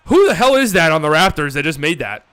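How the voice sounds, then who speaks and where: A man hosting a live watch party stream, calling the game in casual play-by-play that swings between calm calls and excited, swearing outbursts. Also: on the high side, fast talker, clear, resonant tone.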